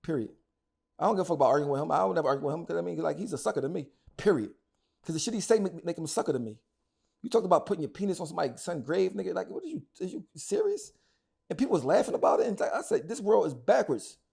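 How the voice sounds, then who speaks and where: A middle-aged man with a high, gravelly voice and a darkish tone speaks as a guest in a heated, casual interview. He is angry and emphatic, repeating himself and swearing heavily.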